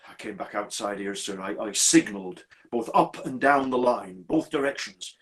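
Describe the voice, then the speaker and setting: A man voicing a haunted, deferential railway signalman who talks haltingly and keeps calling his listener sir, in a live dramatic storytelling. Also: fairly low pitch, expressive, lightly acted. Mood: urgent, haunted.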